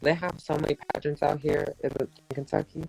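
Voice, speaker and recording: A woman's voice: deep voice, little pitch movement, brisk, vocal fry, a little mellow, breathy edge, rough recording. A woman co-hosting a casual chat, agreeing along and adding her own chatty remarks. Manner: chatty, with frequent backchannel agreement. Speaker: co-host.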